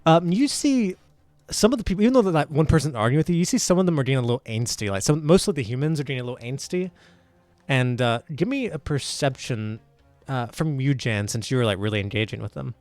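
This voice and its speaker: A man's voice: mid-range voice, animated, fast talker, a little mellow, no echo, faint music behind. A man running a tabletop game as game master, narrating in a rambling way with many fillers.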